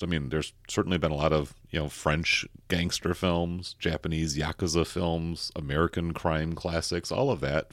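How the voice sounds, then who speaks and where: Deep-voiced man hosting a podcast. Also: no echo, studio quality. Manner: relaxed, rambling with many fillers. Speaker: podcast host. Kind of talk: casual film discussion.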